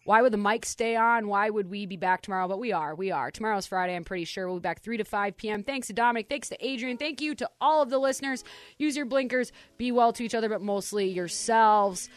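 A woman hosting a radio show, chatting casually with playful, joking banter. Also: medium pitch. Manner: playful, jokey, quick banter. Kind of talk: casual on-air chat.

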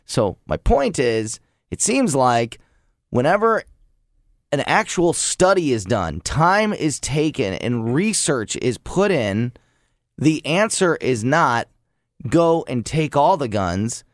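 Male show host, earnest, steady mid voice, dry studio sound. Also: mid-range voice, slow, no room sound. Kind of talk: talk show discussion.

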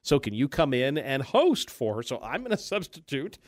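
Halting, animated male radio host. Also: medium pitch, no echo, clean studio sound. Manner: halting, many restarts and fillers, laughs often. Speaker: radio talk show host. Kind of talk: casual radio talk.

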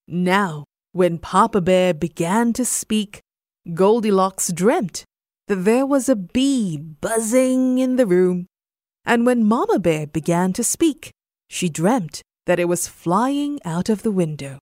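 A young adult woman storyteller giving a slow, expressive bedtime story narration. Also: medium pitch, dry recording, studio quality.

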